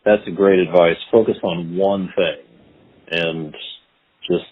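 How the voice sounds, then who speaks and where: A low-voiced man with a husky edge, hosting a podcast and handing out earnest advice. He talks in a loose conversational way, often restarting his sentences. The sound is narrow and phone-like. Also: steady tone, slow. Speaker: podcast host. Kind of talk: conversational interview. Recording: phone-like lo-fi line.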